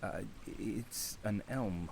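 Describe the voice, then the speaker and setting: An actor playing an earnest young playwright in an audio drama, soft and pleading, stammering when flustered. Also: male voice, on the low side, extremely slow, creaky, noisy background, heavily acted. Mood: tender, pleading. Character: young man Konstantin, earnest, lovesick playwright. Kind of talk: radio play acting.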